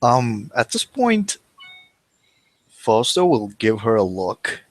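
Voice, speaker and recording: A man's voice: medium pitch, sing-song, takes it slowly, no echo. A man playing a tabletop role-playing game, hesitantly describing what his character does. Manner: hesitant, many ums. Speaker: player.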